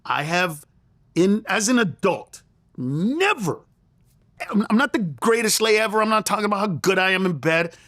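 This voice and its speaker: A man's voice: high voice, big pitch swings, normal speed, fairly bright tone, no echo, studio quality. A middle-aged man, a comedian, telling a story in conversation and acting out the lines he quotes. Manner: acts out quoted lines in raised voice, laughs through story. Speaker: comedian guest.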